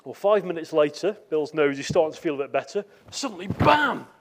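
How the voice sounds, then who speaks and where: Male preacher, fairly high voice, conversational sermon full of stories and restarts. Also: fast talker, background noise. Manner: storytelling with acted quotes and repeated words. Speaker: visiting preacher.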